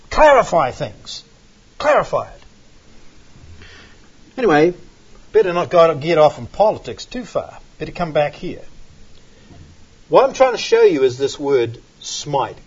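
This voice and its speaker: Husky, emphatic preaching man, lo-fi. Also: a little high. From outside the United States. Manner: emphatic, repeats key phrases, swings between loud and soft. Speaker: Bible teacher. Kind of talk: preaching a Bible study. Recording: dull lo-fi recording.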